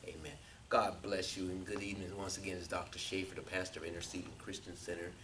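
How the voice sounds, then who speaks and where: Pastor preaching from a distance. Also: male voice, sits low, flat delivery, quick pace, music in the background. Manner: builds from quiet reflection to loud, emphatic preaching with frequent "amen". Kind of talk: Bible study sermon.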